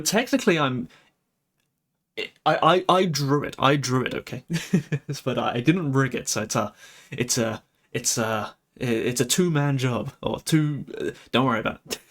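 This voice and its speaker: A young man chatting on a live stream, excitable, giggly and stammering as he talks. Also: medium pitch. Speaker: VTuber streamer. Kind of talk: casual live-stream chat.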